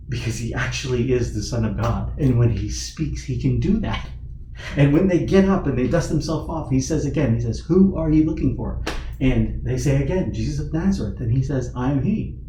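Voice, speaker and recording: A youth pastor preaching, retelling a story dramatically and acting out the figures he quotes. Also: dark tone. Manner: storytelling, voices quoted figures with rising pitch. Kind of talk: sermon. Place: church or youth room. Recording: roomy hall from a distance, faint noise.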